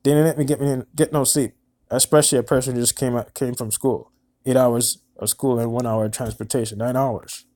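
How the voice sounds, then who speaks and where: A man in his twenties telling a personal story in a halting, earnest way, often repeating words. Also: medium pitch, level tone, mellow. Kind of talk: personal monologue recounting events.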